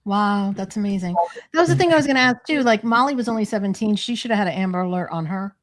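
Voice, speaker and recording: Woman podcast co-host, middle pitch, inquisitive and eager. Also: quick pace. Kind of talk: interviewing a guest.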